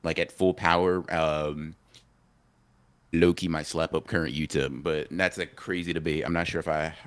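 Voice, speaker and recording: A man's voice: a bass voice, steady tone, moderate pace. A man co-hosting a casual anime podcast stream, rambling, slangy and repeating himself as he argues his take. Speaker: podcast co-host.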